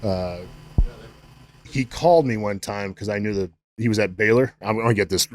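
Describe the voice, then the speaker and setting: A man's voice: fairly low pitch, moderate pace. A middle-aged man talking casually as a podcast guest, a profane, rambling storyteller. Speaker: guest, strength coach.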